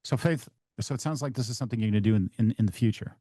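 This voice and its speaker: A man's voice: mid-range voice, racing, dark tone, dry recording, clean studio sound. A man practicing a sales call as a trainee, hesitant and restarting often.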